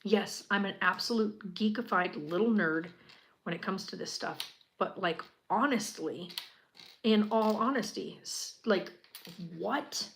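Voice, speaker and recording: A woman chatting casually as she builds a Lego set. She gushes with a lot of fillers and often drops to a quiet murmur. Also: medium pitch, expressive, unhurried, slight background noise, poor audio. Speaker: channel host.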